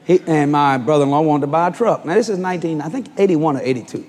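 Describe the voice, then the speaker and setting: An older man preaching a storytelling sermon, acting out the voices of the people in his story and rising to shouts at the climax. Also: on the high side, fast talker, long reverb tail.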